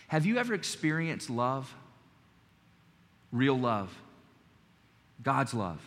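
A man's voice: medium pitch, lively intonation, takes it slowly, pauses often, a bit bright, long reverb tail. A man in his forties preaching a sermon, telling a personal story in an earnest, emphatic way. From North Carolina. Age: 40s. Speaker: pastor.

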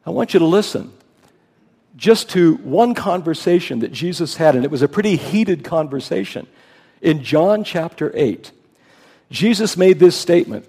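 A man preaching with a gravelly, slightly husky voice that sits a little high. He leans hard into his key points. His words ring out with long reverb in a large hall. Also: expressive, normal speed, warm tone. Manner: emphatic, rising to stress key points. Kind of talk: sermon.

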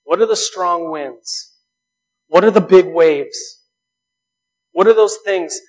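Delivering his sermon slowly, this male pastor has a noticeably high-pitched voice. His tone is earnest as he stacks rhetorical question upon rhetorical question, his emphasis climbing with each point, all captured on a rough recording.

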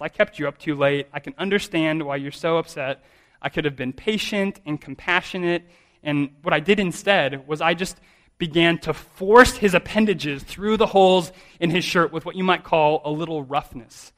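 A man's voice: on the high side, fairly bright tone. A man in his thirties, a pastor preaching a sermon in a conversational, self-deprecating way, often restarting his sentences.

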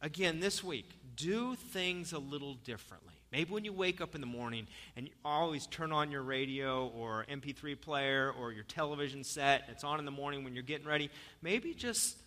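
A male pastor preaching a sermon, telling the story with lively animation and then easing into soft, earnest urging. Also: mid-range voice, a little fast, hardly any pauses. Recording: long reverb of a church hall.

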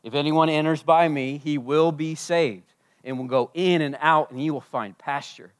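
Impassioned preacher man, slightly high voice. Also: steady tone, normal speed, clean tone. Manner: impassioned, swings between loud and hushed. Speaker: pastor. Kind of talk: sermon. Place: church service.

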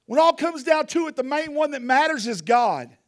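A man preaches outdoors as wind blows around him, his high voice moving at a normal pace. The delivery is folksy and animated, and his grammar is relaxed and everyday.

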